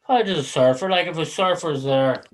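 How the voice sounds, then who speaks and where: A man's voice: on the high side, moderate pace, poor audio. A man hosting a casual livestream chat, rambling between topics and swearing casually. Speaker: livestream host.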